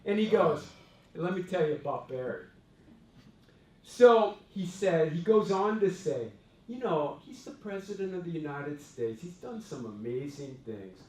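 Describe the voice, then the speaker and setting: A man from Hawaii, a company president, telling stories in a chatty, animated speech to his staff. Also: a little high, unhurried. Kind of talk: storytelling speech to employees. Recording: echoey room, voice from far off.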